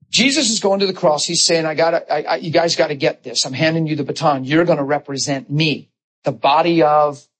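A middle-aged man preaching a sermon, telling personal stories with emotion and animated quoted voices. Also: fairly high pitch, husky, low-quality recording.

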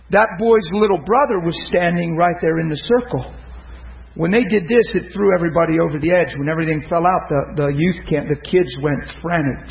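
A male preacher delivering an impassioned sermon, swinging from shouted peaks to hushed storytelling. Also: fairly high pitch, gravelly, dull audio.

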